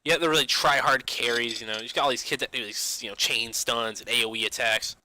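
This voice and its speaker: Fast-talking and forceful, a young gaming vlogger with a bright, mid-range, steady voice delivers a rambling, casual rant about games. He leans on "you know" in almost every phrase, restarts often and swears occasionally, with poor audio that has no room sound.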